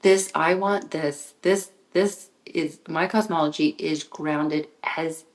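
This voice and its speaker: Speaking slowly in a low-pitched voice, this podcast host and author reflects alone on her show, musing, occasionally whispering softly, and frequently starting over when her excitement builds. The audio is poor.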